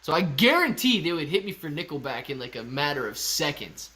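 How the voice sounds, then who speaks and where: A man hosting a casual live stream, chatting excitably with viewers and laughing often. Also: a little high, fairly quick. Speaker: livestream host reading chat.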